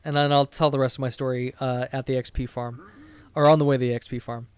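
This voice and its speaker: A man's voice: mid-range voice, flat delivery, quick pace, smooth. A man streaming a game while telling a rambling, profane story from the tabletop game he runs, often breaking off mid-sentence. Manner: rambling, profane, self-interrupting. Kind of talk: casual storytelling while gaming.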